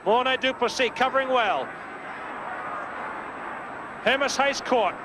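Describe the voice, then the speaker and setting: A man giving brisk live rugby play-by-play commentary, lifting his voice on big plays, from a worn old videotape broadcast. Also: very high voice. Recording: worn old VHS broadcast with crowd noise.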